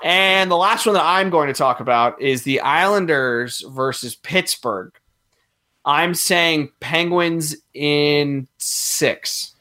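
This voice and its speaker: A young man co-hosting a casual sports chat, animated and laughing often as he thinks aloud. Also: a little high, slow. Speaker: podcast co-host.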